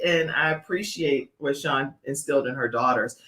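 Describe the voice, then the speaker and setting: A woman's voice: lowish voice, normal speed, hardly any pauses. Effusive woman talk show host, echoey room. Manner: warm, effusive, reads viewer comments aloud. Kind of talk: casual chat.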